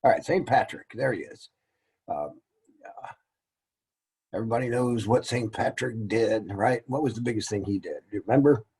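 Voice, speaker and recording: A man's voice: fairly low pitch, animated, moderate pace, pauses often, a little mellow, slightly rough, rough recording. A man teaching a casual lesson, rambling and joking at his own expense. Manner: rambling, joking and self-deprecating. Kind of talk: casual classroom-style lecture.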